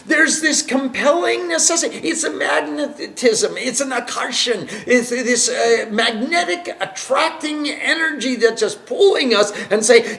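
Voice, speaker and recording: A man teaching a devotional class as a spiritual teacher, animated and emphatic, laughing as he tells stories. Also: extremely high pitch, measured pace, creaky, few pauses. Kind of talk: devotional class lecture with storytelling.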